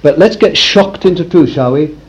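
A man preaching a sermon to a congregation in a room, swinging from loud declarations to hushed asides. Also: a little high, normal speed, slight background noise, poor audio.

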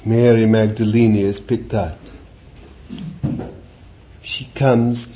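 A man's voice: on the low side, level tone, slow pace, mellow. A man preaching a sermon in a conversational way, repeating phrases and putting questions to his listeners. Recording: dull lo-fi recording with faint hiss.

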